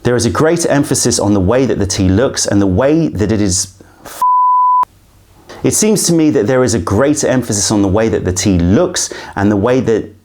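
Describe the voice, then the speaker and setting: A man's voice: fairly low pitch, lively intonation, normal speed, a little mellow. A man hosting a casual behind-the-scenes tea-trip vlog outdoors in the mountains, chatty and playful, restarting his lines to camera. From England. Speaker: tea company host.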